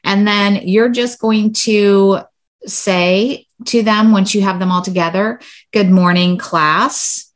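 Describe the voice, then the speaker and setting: Enthusiastic lower-voiced woman teacher. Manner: enthusiastic, explanatory. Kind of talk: casual chat.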